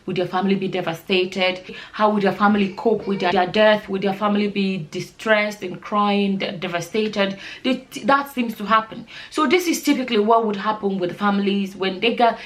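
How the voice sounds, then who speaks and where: A woman's voice: medium pitch, a little fast, few pauses. A woman who works as a nurse, talking earnestly to camera in a casual vlog, rambling with many fillers and restarts. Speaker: nurse and vlogger.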